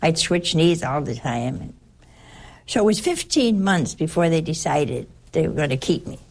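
An older nun tells a personal story, wandering and restarting as she goes. Her voice sits low and has a gravelly fry to it. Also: very animated, normal speed. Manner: rambling, conversational, with frequent restarts.

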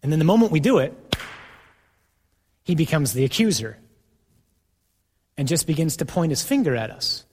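A man's voice: fairly high pitch, big pitch swings, moderate pace, long pauses, a little mellow, breathy edge. A man preaching a sermon, earnest and emphatic, repeating key phrases for weight. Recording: long hall reverb.

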